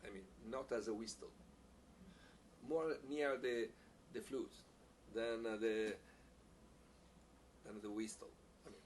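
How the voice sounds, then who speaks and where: Halting man teaching piccolo, distant mic. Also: on the low side, steady tone, darkish tone. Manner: halting, repeats words, non-native phrasing, laughs often. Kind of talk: masterclass teaching, answering questions. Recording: distant mic with faint background hiss.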